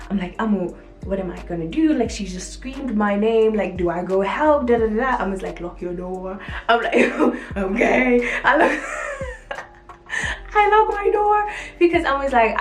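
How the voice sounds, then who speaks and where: A woman vlogger telling a dramatic story to camera, acting out what people said, with lots of "like". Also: mid-range voice. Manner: animated, acts out quotes, frequent "like". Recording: echoey room, faint music behind.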